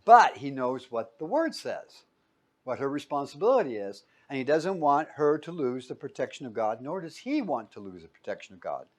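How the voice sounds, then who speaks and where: Man, pastor, sermon, call-and-answer questions, loud emphatic bursts, hushed low asides. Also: very animated, moderate pace. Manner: asks the room questions and answers them himself; swings between loud emphatic peaks and quiet low asides.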